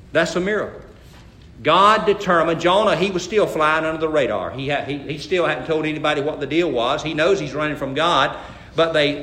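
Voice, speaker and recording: Bright-voiced preacher in an echoey room. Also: male voice, on the high side. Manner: folksy, stammers into restarts, acts out bible characters loudly. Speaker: pastor. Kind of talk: sermon.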